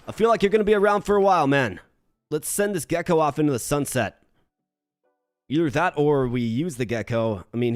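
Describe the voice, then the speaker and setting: A man's voice: no echo, studio quality. Chatty streamer man from Minnesota. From Minnesota, United States. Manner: animated when greeting chat, low and muttering while planning moves. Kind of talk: live-streamed game commentary.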